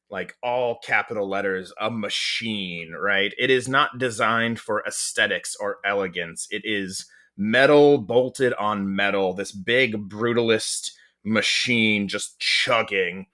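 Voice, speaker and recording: Guy running a tabletop game, bright clear voice, rambles and restarts a lot. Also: on the low side, slow. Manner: descriptive, full of fillers and restarts. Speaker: game master.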